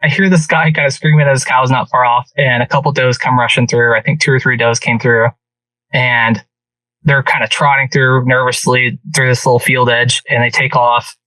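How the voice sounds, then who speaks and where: A man on a podcast telling a hunting story in an animated, casual way, with many restarts. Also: medium pitch, moderate pace, dry recording, distant mic, rough recording. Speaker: podcast guest.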